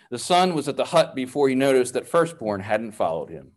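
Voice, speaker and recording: A man narrating a parable in a measured, expressive storytelling manner. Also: medium pitch.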